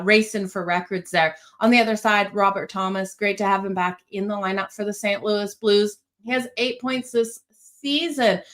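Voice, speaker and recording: A woman's voice: mid-range voice, a bit bright. A woman hosting a sports betting show, talking casually and upbeat, often addressing viewers directly. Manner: chatty, upbeat, addresses viewers as "you guys". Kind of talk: casual picks and predictions talk.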